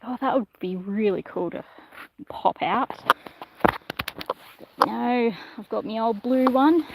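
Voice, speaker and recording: A woman livestreaming casually while she trains her miniature horse outdoors, speaking in a soft, coaxing way to the animal. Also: a little high, creaky, dry recording. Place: outdoors in a paddock. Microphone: phone camera held in one hand. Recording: noisy outdoor phone recording.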